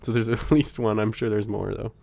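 A man's voice: on the low side, fairly even intonation, fairly quick, gravelly, warm tone, dry recording. A man co-hosting a podcast in loose, joking banter, laughing often and rambling with fillers. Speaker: podcast co-host. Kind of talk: casual banter.

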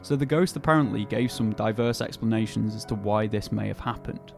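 Gravelly, low-voiced man telling a story. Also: fairly quick, darkish tone, soft background music. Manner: easygoing, hesitant storytelling with fillers. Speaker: podcast host telling the story. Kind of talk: casual chat.

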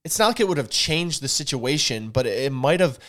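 An earnest man with a drawl talks on a podcast. He speaks at a middle pitch and leans on repeated words for emphasis. His tone is casual but insistent. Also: expressive, fairly quick, fairly bright tone. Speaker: podcast co-host.

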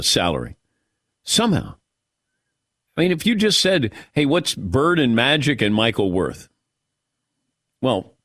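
A man's voice: medium pitch, dry recording, studio quality. A man hosting a sports radio show, casually talking basketball and teasing his co-hosts. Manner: lively, teasing, expressive. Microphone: studio microphone.

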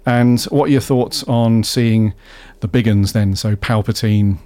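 A man hosting a casual podcast, relaxed and steering the talk along. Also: lowish voice, unhurried, clear, resonant tone. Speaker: podcast host. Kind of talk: casual chat.

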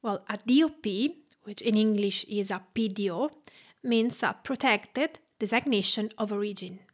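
A woman's voice: mid-range voice, normal speed. A woman from Tuscany with an Italian accent, hosting a cooking podcast in careful, explanatory narration. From Tuscany, Italy. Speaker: podcast host, cook and food writer.

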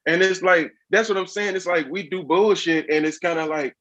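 A man's voice: high voice, fairly bright tone. A man talking in casual podcast chat, emphatic and sarcastic. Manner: emphatic, sarcastic, fast-flowing.

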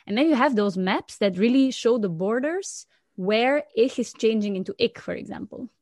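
A woman from Flanders, a Dutch speaker, chatting lively as a podcast co-host, laughing often and restarting sentences. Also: on the high side, normal speed, no room sound, studio quality. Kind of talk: casual explanatory chat.

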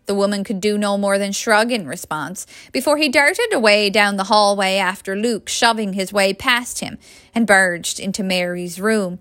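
A woman reading a story aloud in a steady, expressive storybook narration. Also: mid-range voice, normal speed, no room sound, clean studio sound. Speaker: audiobook reader.

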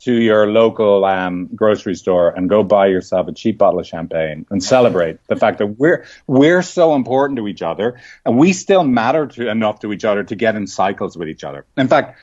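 Animated man telling stories, slightly lo-fi. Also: lowish voice. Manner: animated storytelling with frequent rhetorical "right?". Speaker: marriage and family therapist. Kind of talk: conversational podcast interview.

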